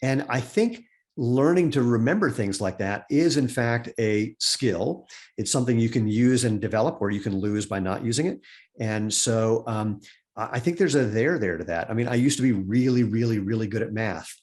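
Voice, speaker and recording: Older man, founder guest on a video call, rambling storyteller, middle pitch. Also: normal speed, darkish tone. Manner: rambling, acts out quoted voices in anecdotes. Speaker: podcast guest, shoe company founder. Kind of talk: casual storytelling conversation.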